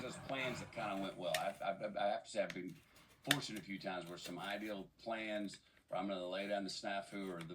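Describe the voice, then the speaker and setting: A man with a low-pitched voice tells long, winding anecdotes as a podcast guest. He stumbles and restarts often as he talks. Loud clicking and typing noise runs underneath the recording. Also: distant mic. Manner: rambling, animated storyteller with many restarts. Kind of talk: storytelling in casual chat.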